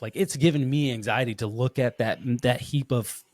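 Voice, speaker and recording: A man hosting a casual podcast interview, telling rambling, animated stories with lots of restarts. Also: medium pitch, moderate pace, no echo, studio quality. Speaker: podcast host.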